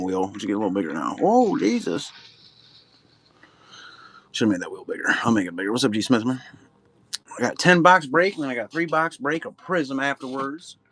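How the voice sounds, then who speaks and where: A man's voice: mid-range voice, lively intonation, brisk, a bit bright. A middle-aged man hosting a live card-break stream, chatting loosely and humming little filler sounds between remarks. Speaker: livestream card-break host. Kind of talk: casual live-stream chat.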